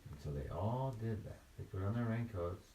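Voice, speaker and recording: An older man telling a bedtime story in a gentle, unhurried way, indoors in a bedroom. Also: fairly low pitch, animated, a little hiss or hum. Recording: roomy, mic at a distance.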